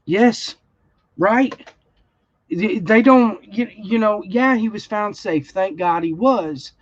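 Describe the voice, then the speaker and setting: A woman's voice: medium pitch, slow pace, no echo. A woman, telling a story in a blunt, heated way during a casual livestream chat. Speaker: crafting channel host. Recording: dull, slightly lo-fi sound.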